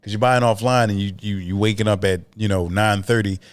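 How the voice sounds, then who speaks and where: A man, co-hosting a podcast in casual chat, telling animated stories with profanity and lots of repeats. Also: fairly low pitch, brisk, clean tone. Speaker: podcast co-host.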